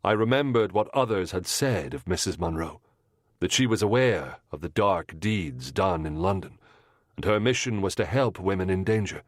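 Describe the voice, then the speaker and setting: A man narrating a mystery audiobook in the first person, in a measured, composed way. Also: sits low, animated, no echo, studio quality.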